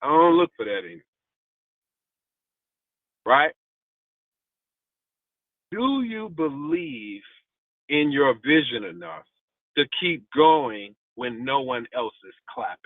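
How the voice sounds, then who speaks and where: A preacher gives a motivational devotional talk, emphatic and testifying, repeating key lines to drive them home. His mid-range voice is expressive, at a measured pace with frequent pauses. The recording is dry and tinny, like a phone.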